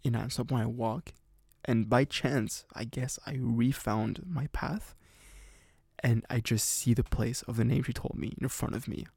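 A man's voice: mid-range voice, steady tone, measured pace, gravelly, a little mellow, husky, dry recording, clean studio sound. A man in his twenties casually telling a personal story on a podcast, rambling with lots of fillers. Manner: rambling, many fillers and restarts. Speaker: podcast host.

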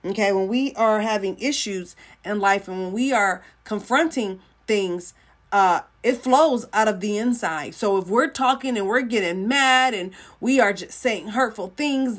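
Brief: woman host, live faith teaching, chatty, repeats lines for emphasis, slips into quick voices for little dialogues. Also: mid-range voice. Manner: conversational, repeats phrases for emphasis.

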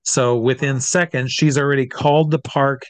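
Brief: middle-aged male showman recounting a story with lively acted asides, mid-range voice, dry recording. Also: medium pitch, moderate pace, dry recording. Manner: animated, acts out voices in his stories. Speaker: comedy stage hypnotist. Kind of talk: storytelling in an interview.

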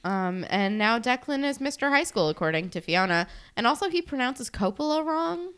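A woman co-hosting a podcast, recapping a TV episode in casual chat. She tells the story lively, swears, and jumps in to agree. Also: a little high, normal speed, smooth. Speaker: podcast co-host.

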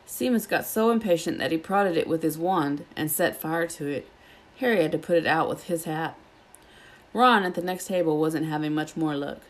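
A woman reading a children's novel aloud, with steady, plain narration. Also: sits low, moderate pace. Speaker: storybook reader.

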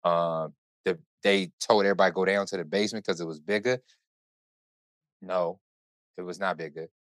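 A man hosting a podcast, telling a story in casual chat with animated, profane, run-on delivery. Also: low-pitched, normal speed, dry recording. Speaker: podcast host.

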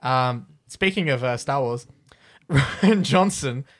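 A man's voice: medium pitch, animated, slow pace. A man hosting a casual podcast, reading entertainment news with lots of ums and restarts. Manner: rambling with many ums and restarts. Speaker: podcast host.

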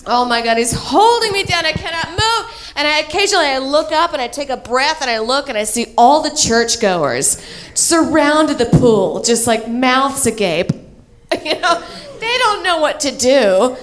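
A woman comedian telling a crude, self-mocking story on stage, animated and laughing at her own jokes. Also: sits high, a little slow, a little hiss or hum. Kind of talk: stand-up storytelling.

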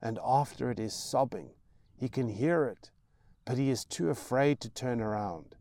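A man narrating his own novel with slow, intense dramatic storytelling. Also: mid-range voice, mellow, no echo, studio quality. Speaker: author reading his novel.

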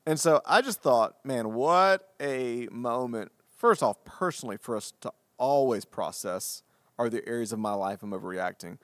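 A man's voice: medium pitch, moderate pace, no room sound. Male pastor co-host, casual self-deprecating storyteller, mid-range voice, dry studio sound. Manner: animated and self-deprecating, acting out the dialogue.

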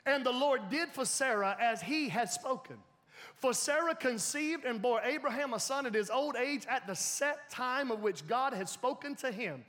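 A pastor preaches a sermon in a high voice, animated and laughing often. The church sanctuary gives the recording a reverberant, hall-like sound.

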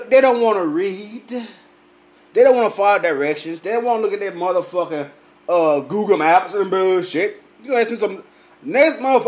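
A man's voice: sits high, a little mellow. A tipsy man delivering a profane comedic rant, swearing constantly and mimicking other people's questions. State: tipsy, sweating. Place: lively night venue with drinks.

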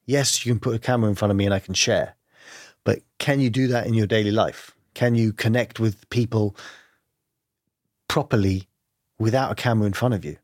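Brisk and lowish-voiced, a man answers questions as an interview guest, thinking aloud in an earnest, reflective way. He leans heavily on fillers like "you know" and "like" in this candid conversation. The recording is dry and studio-clean.

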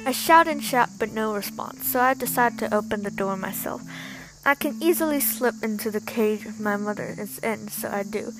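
A woman's voice: a little high, normal speed, background noise. A woman reading a first-person story aloud in an emphatic, dramatic storytelling manner.

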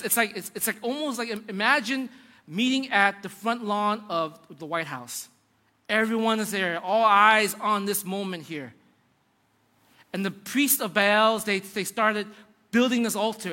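A man's voice: sits high, sharp tone. A man preaching a sermon, retelling a Bible story dramatically and with emphasis. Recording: long hall reverb.

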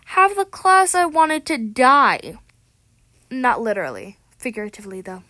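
A woman's voice: high voice, sing-song, unhurried, sharp tone, no echo. A teenage girl ranting casually to camera as a vlogger, dramatic and sarcastic, often correcting herself mid-sentence, recorded on a tablet microphone. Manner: chatty, dramatic and sarcastic, with frequent self-corrections.

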